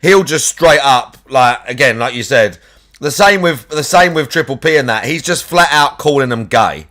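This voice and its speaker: A man's voice: medium pitch, sing-song, normal speed, fairly bright tone. A man chatting casually on a live stream, crude and sweary, teasing his cat and ranting between plays.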